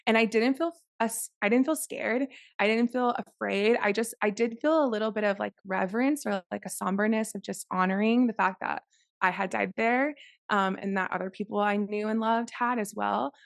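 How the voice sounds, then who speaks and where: A woman's voice: medium pitch, moderate pace, creaky, no room sound, studio quality. A woman co-hosting a podcast, telling of her spiritual experiences in an earnest, emphatic way. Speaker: podcast co-host. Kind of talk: casual chat.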